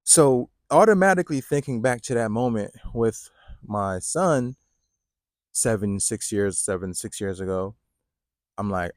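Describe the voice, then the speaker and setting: A man's voice: lowish voice, animated, a little slow, dry recording, clean studio sound. A man in his thirties talking casually about fatherhood, with lots of "like" and "right?". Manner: conversational, many fillers like "right?" and "like". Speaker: fatherhood coach. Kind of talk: casual talking-to-camera advice.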